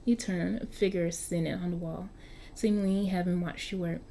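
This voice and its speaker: Woman narrating a story aloud, mellow dark tone, trips and restarts over words, casual asides. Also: on the low side, fairly even intonation, brisk, vocal fry, a little hiss or hum. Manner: chatty asides to viewers. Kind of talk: reading an interactive story aloud.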